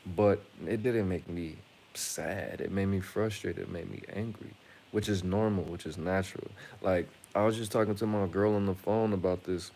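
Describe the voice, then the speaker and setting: A man with a lowish voice rambles through a casual monologue to his viewers. He is blunt and profane, and he often stops and restarts his sentences. A faint hiss sits under his voice. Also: steady tone, moderate pace, vocal fry, warm tone. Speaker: channel host.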